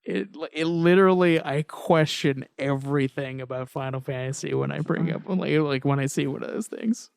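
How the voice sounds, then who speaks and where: A man's voice: a little high, normal speed, gravelly, few pauses, a little mellow, dry recording. Swearing, ranting man on a podcast. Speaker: podcast co-host. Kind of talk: casual game review chat.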